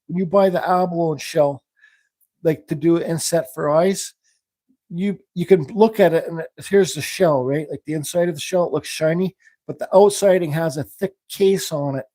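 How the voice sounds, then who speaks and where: Male live-stream carving host, rambling, slightly high mellow voice. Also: normal speed, no room sound. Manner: rambling, thinks aloud while working; reads viewer questions aloud. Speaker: woodcarving livestream host. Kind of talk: casual live demonstration chat.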